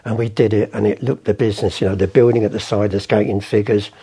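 An older man with a gravelly, mellow voice that sits on the low side talks fast in a steady tone. He's a former art forger in a storytelling interview, rambling through anecdotes and acting out the voices of the people in them.

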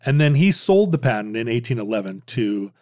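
A man's voice: medium pitch, very animated, fairly quick, a little mellow, dry recording, clean studio sound. A man co-hosting a casual history chat, rambling with many restarts and playful jokes. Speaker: podcast co-host.

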